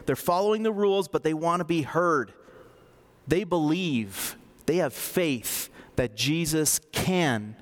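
Delivering a sermon, a male pastor keeps his tone conversational and dramatizes scripture scenes. He lowers his voice and softens it whenever he wants to stress a point.

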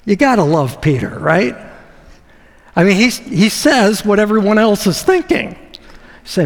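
Male pastor, sermon, high animated voice, unhurried delivery, reverberant hall sound. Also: creaky. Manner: conversational, asks the audience questions, with deliberate pauses.

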